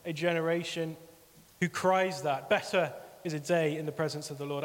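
A man's voice: fairly high pitch, a bit bright, in a large hall. A man giving an earnest sermon appeal as pastor, repeating phrases for emphasis.

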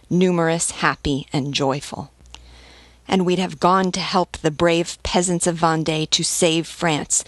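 A woman's voice: low-pitched, no echo. A woman reading as a stern elderly nobleman who speaks serenely and persuasively. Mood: fervent. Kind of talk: audiobook reading.

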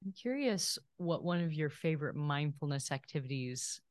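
A woman hosting a podcast, asking gentle, measured interview questions. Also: low-pitched, animated, no echo. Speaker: podcast host.

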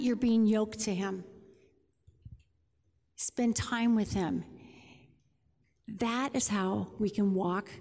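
A woman's voice: a little high, mellow. A woman giving an informal devotional talk to a room of listeners, telling a story in a chatty way with frequent restarts. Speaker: speaker. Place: large room before an audience. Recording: long reverb of a large hall.

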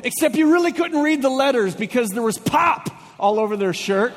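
A young male pastor with a high voice tells a story from the pulpit, animated and quick to switch from rushing to slow, drawn-out lines. His voice carries through a large church with a long, lingering reverb. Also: a little hiss or hum. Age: young adult. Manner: animated storytelling, swings in pace. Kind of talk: sermon with a comic personal story.

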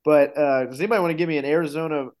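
Sports podcast guy, chatty, gets excited telling game stories. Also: on the high side, racing. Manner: animated storyteller, rises when excited. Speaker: podcast host. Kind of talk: casual sports chat.

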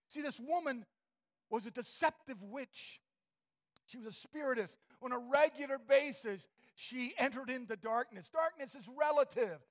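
High-voiced fervent male preacher. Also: normal speed. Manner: fervent, swings from shouting to hushed. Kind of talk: sermon.

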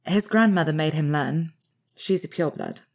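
A woman voicing an awed, fretful young male wizard student who talks in a hushed, half-whispered way. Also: deep voice, normal speed.

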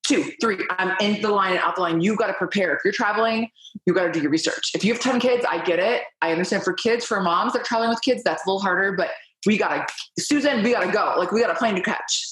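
A playful, chatty woman at an ordinary pitch, recorded with a clear echo from the room around her. She acts out small everyday scenes in quick bursts and laughs easily. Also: a bit bright. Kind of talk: casual chat.

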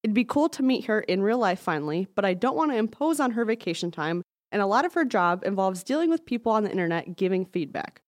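A woman co-hosting a podcast, telling stories in a playful, animated casual chat. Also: medium pitch, fast talker, few pauses, dry recording, studio quality. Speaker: podcast co-host.

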